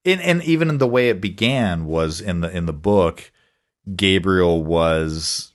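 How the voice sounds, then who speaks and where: A man's voice: sits low, animated, measured pace. A man co-hosting a podcast in casual chat, rambling with frequent restarts and chuckles. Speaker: podcast co-host.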